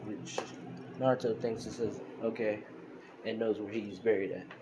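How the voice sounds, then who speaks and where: A man's voice: on the low side, steady tone, normal speed, noisy background. A young man casually retelling a fan story over a phone recording, rambling with lots of fillers and self-corrections. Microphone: phone screen recorder.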